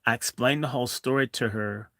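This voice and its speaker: A man's voice: mid-range voice, brisk, gravelly, bright, forceful tone, no echo, clean studio sound. A man in his sixties telling a childhood story in a blunt, provocative way, swinging from the tale into profane rants. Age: 60s. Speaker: host.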